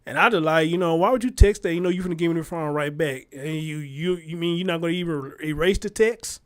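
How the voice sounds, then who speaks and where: A man hosting his own show, telling stories in a blunt, animated commentary with heavy slang. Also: on the high side, fast. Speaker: show host. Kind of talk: casual commentary monologue.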